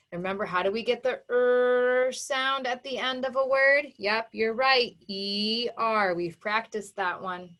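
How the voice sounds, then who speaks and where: A woman phonics teacher who speaks at a deliberately slow, careful pace and sounds out each word in stretched-out pieces. Her voice sits a little high, and she leads young children through dictation with emphatic repetition and cheerful praise. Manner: sounds words out slowly and emphatically, warm encouraging praise.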